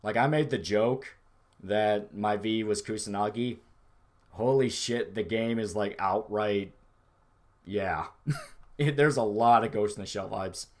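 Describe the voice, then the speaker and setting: A man with a fairly low, slightly mellow voice chats unhurriedly on a livestream while reading his chat. He's laid-back and rambling, swearing freely as he reacts to viewers.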